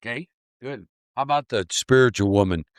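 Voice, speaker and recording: Man running a recovery workshop, lively and repetitive, mid-pitched voice, dry sound. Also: a little fast, no room sound. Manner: animated, repetitive, laughing often. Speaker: speaker leading a recovery workshop. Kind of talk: live workshop talk.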